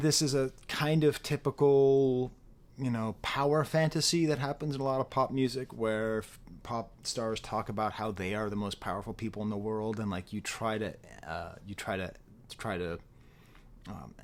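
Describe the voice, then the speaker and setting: A man giving a casual, rambling spoken album review, animated and prone to interrupting himself. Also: mid-range voice, normal speed. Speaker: music reviewer.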